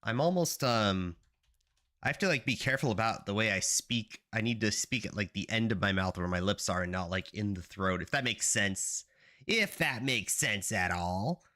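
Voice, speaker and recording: A bright, lively male streamer chatting casually from his apartment. He talks through a sore throat, and his voice bounces all over with excitement as he breaks into high, playful greetings. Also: normal speed. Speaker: game dev streamer. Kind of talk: casual live stream chat.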